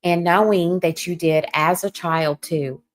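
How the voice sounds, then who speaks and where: A woman hosting a podcast, affirming her guest with gentle agreement. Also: on the low side, steady tone, unhurried. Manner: warm affirming, frequent agreement. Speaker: podcast host.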